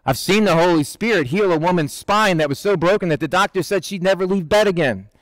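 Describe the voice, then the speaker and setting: High-voiced casual male preacher. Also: a little fast, no echo, rough recording. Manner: conversational, animated, acts out Bible figures in quotes. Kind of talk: casual sermon.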